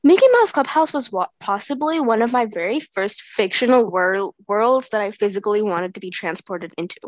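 A young adult woman co-hosting a podcast, chatting in a relaxed, slangy way with lots of fillers. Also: medium pitch, normal speed, dry recording. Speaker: podcast co-host. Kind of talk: casual chat.

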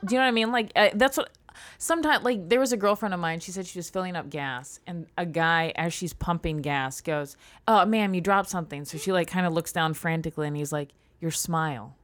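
Sarcastic woman comic, kinda low voice, blunt about everything. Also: fast, a bit bright. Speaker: stand-up comedian. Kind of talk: casual podcast chat.

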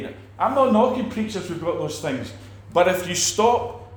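A man teaching about faith in a relaxed talk, animated, acting out quoted people and restarting his sentences often. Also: high-pitched, measured pace, hardly any pauses, echoey room. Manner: animated, acts out quoted preachers, many restarts. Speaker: preacher.

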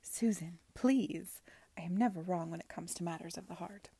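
A woman's voice: fairly low pitch, normal speed, warm tone, husky, no echo. A woman reading aloud, voicing a flamboyant aristocratic lady who is gossipy and imperious. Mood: confiding. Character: flamboyant aristocratic society lady, worldly and teasing.

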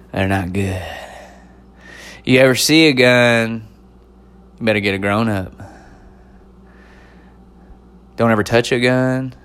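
A man voicing a friendly old Southern police officer lecturing schoolkids about gun safety, with a slow folksy drawl and a Southern accent. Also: on the low side, fairly bright tone. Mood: earnest warning.

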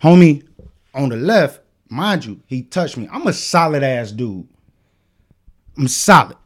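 Animated, profane male podcast storyteller. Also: mid-range voice, a little slow. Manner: animated, profane storytelling, acting out the other people's lines. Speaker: podcast host. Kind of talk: casual storytelling chat.

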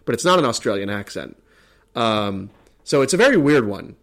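A man's voice: medium pitch, big pitch swings, normal speed, a bit bright. An American man co-hosting a casual chat, rambling with lots of fillers and restarts. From United States. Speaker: podcast co-host. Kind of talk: casual chat ranking accents.

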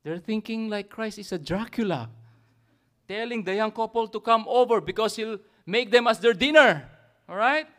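High-voiced Filipino pastor preaching. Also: male voice, moderate pace. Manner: animated, tags remarks with "isn't it?" and "amen?". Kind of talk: sermon.

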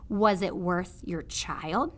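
A woman voicing a sly, smooth-talking male rat in a storybook read-aloud, soft, low and insinuating. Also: slow pace. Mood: coaxing.

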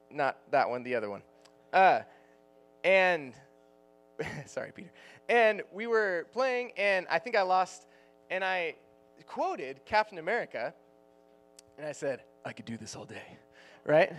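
Male youth pastor, 30s, casual joking sermon, a little high-voiced, light music bed. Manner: casual, joking, laughs often.

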